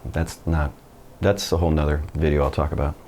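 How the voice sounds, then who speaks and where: A man teaching a casual Spanish lesson, chatty and relaxed, slowing down for example sentences. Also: a bass voice, slight background noise. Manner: relaxed, chatty explaining with slow model sentences.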